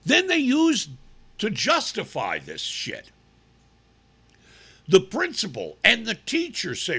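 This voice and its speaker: A man's voice: high-pitched, huge pitch swings, slow pace, creaky, long pauses, pushed and bright, breathy edge. A male radio talk show host giving sarcastic, indignant commentary with emphatic delivery.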